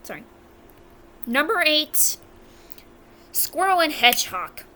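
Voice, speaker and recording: A woman's voice: high voice, big pitch swings, takes it slowly, sharp tone. A young American woman doing casual ranking commentary on a video, blunt and exasperated, often stopping to correct her own words. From United States. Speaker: video reviewer.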